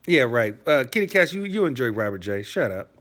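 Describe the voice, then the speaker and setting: A man's voice: medium pitch, gravelly, fairly bright tone. Profane, rambling man chatting on a stream. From Detroit, USA. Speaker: livestreamer reading chat. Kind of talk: casual live-stream chat.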